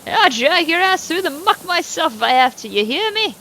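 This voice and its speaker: A woman's voice: very high-pitched, sing-song, moderate pace, sharp tone, a little hiss or hum, pitched above the performer's own voice, exaggerated voice. A woman voicing a hot-tempered older male farmer with a blustering drawl in a game. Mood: furious.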